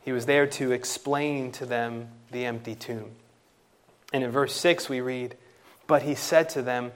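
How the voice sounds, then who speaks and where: A man preaching an expository sermon, emphatic, slowing down and rising in pitch on key phrases. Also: fairly even intonation. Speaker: pastor.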